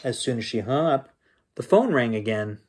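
A man reading a children's picture book aloud as a bedtime story, in a lively, expressive manner. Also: medium pitch, moderate pace, slightly rough.

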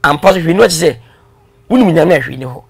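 A man with a gravelly, slightly rough voice talks through his story as an interview guest. He tells it in a lively, casual way, laughing along and mixing in English phrases. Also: on the high side, fast, a crowd in the background.

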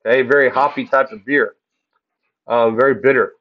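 A man's voice: medium pitch, fairly even intonation, normal speed, lo-fi sound. A man teaching a math class in an upbeat, jokey way, asking the class questions as he works through the graphs. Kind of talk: classroom lesson.

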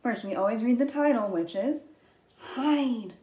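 A woman reading a picture book aloud to young children as their teacher, gentle and patient, counting along and gasping with wonder. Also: a little high, lively intonation, fairly quick, rough recording. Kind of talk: slow read-aloud lesson for young children.

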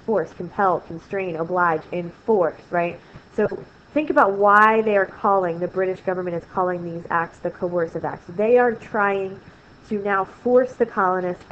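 A woman teaching a history lesson in a recorded screen lecture, chatty and often asking "right?". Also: medium pitch. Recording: slightly dull, faint noise.

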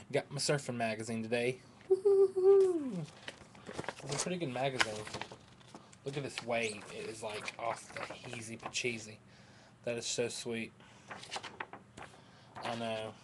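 A man's voice: mid-range voice, background noise. A man rambling to his webcam at home, hyper and scattered but tired. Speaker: vlogger. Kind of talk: rambling casual webcam chat.

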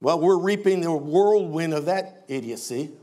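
Older male pastor, high-pitched voice, emphatic sermon delivery with dry humor. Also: expressive, normal speed, dark tone. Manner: emphatic preaching with wry asides.

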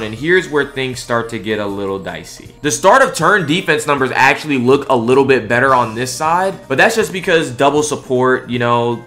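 A young man in his twenties giving excited, slangy gameplay commentary, swearing and shouting at big moments. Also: mid-range voice. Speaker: mobile game streamer.

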